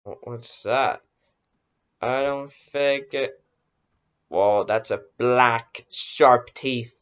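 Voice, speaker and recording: A man's voice: mid-range voice, extremely slow, long pauses, fairly bright tone, smooth. A man hosting a casual reaction video, easily startled and exclaiming, talking himself into being brave. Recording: dull lo-fi recording.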